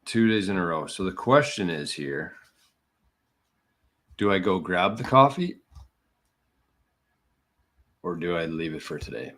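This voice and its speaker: Man, low voice, live-stream host, casual, scattered, a bit out of breath. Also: expressive, measured pace, pauses often, a bit bright. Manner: scattered, self-mocking, talking to viewers. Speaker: podcast host.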